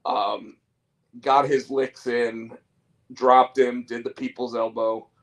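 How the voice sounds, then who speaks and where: A man co-hosting a casual chat show, excitable, tripping over repeated words and slipping into wrestler impressions. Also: medium pitch, slow pace. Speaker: podcast co-host.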